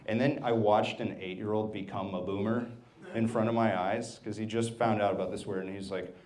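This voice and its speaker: A man's voice: fairly low pitch, moderate pace. Man telling stories in a stand-up set. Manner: storytelling, animated quoting. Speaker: stand-up comedian. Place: comedy club stage.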